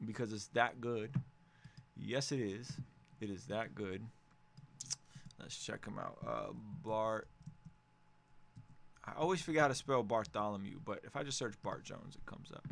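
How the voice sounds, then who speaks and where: A man's voice: on the low side, measured pace, fairly bright tone. A man hosting a casual music review, upbeat and joking as he gives feedback on songs.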